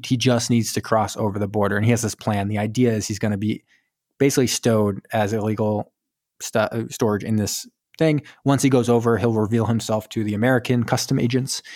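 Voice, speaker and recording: A man's voice: on the low side, dry recording, clean studio sound. A man co-hosting a casual movie podcast, retelling the plot with acted-out lines. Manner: animated retelling with acted-out quotes. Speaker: podcast co-host. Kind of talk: casual movie review chat.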